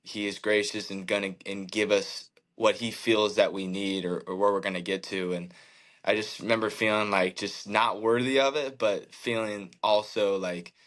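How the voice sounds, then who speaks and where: A man's voice: on the low side, fairly even intonation, fairly bright tone. Earnest man telling a hard story. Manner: earnest, halting, many fillers and restarts; emotional, reflective faith talk. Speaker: podcast guest, baseball pitcher. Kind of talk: candid personal storytelling.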